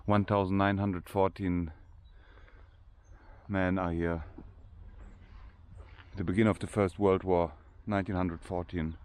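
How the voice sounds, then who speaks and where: A man's voice: sits low, flat delivery, a little slow, pauses often, a little mellow. An older man with a German accent, chatting casually in unpolished English while walking through a large cemetery for his vlog. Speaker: vlogger.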